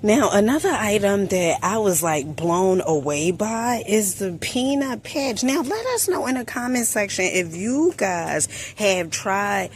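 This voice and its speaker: A woman from New Jersey chatting through a store haul vlog, sassy and quick with asides, calling viewers honey. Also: mid-range voice, very animated, slight background noise. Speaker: shopping haul vlogger. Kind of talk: casual product review vlog. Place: inside a store.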